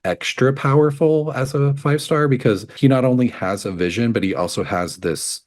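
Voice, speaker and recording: A man's voice: medium pitch, normal speed. A man co-hosting a podcast, casually recapping a game's story with frequent laughs and lots of "like". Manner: chatty, laughs often, filler "like". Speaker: podcast co-host. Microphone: podcast microphone.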